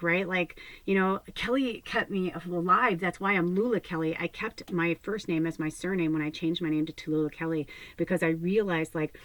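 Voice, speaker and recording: A woman spiritual medium talks straight to her viewers in a loose, rambling way, swearing and laughing as she goes. Her voice sits a little low for a woman. The sound is dry and close, with no room echo. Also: brisk, fairly bright tone. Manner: rambling, candid, profane, laughs often. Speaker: spiritual medium, channel host. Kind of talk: casual talk to viewers.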